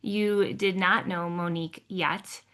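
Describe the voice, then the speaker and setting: A woman's voice: lowish voice, fairly even intonation, slow pace, bright, forceful tone. A woman co-host chatting in an upbeat, conversational way. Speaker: podcast co-host. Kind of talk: casual chat.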